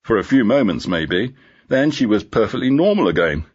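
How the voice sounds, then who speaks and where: Guy doing a jokey cop in a story reading, low husky voice, dull lo-fi sound. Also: big pitch swings, normal speed. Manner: easygoing, joking. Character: joking, persistent male police inspector.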